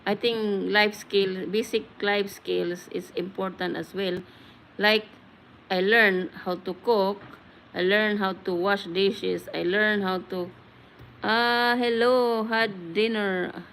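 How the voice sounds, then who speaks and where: A woman's voice: medium pitch, steady tone, slow, fairly bright tone, slight background noise, rough recording. A woman from the Philippines hosting a casual live-stream chat, greeting viewers by name in a chatty, friendly way. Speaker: livestream host. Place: home in Australia.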